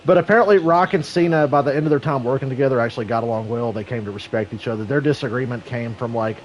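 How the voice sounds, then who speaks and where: A man streaming an online racing game, chatting casually and telling a story in a profane, animated way. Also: medium pitch, quick pace, slight background noise, poor audio. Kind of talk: casual gaming stream chat.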